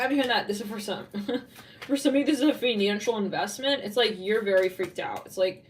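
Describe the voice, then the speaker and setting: A woman with a Californian accent gives a casual, rambling tarot reading, her mid-range voice moving a little fast and picked up from a distance. She giggles often and says "like" constantly.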